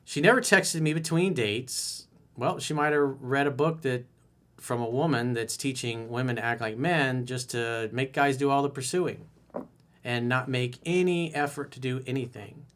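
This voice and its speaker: A man's voice: medium pitch, steady tone, normal speed. A man coaching on dating, reading a viewer's email and replying bluntly and candidly with casual swearing.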